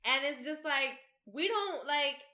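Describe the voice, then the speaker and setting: A woman with a higher voice speaks in blunt, emphatic bursts and swears freely. Her talk is casual podcast chat with another woman. The room adds a clear echo. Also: lively intonation, slow, pushed and bright. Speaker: podcast co-host. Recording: echoey room.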